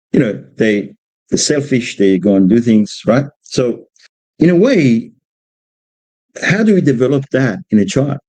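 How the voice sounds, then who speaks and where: A man from Australia, a father, speaking informally about raising children, halting and repeating words as he tells stories about his young son. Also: lowish voice, dark tone, no room sound, poor audio. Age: adult parent of a two-year-old. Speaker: speaker giving a religious exposition on parenting. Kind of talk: informal talk with personal stories.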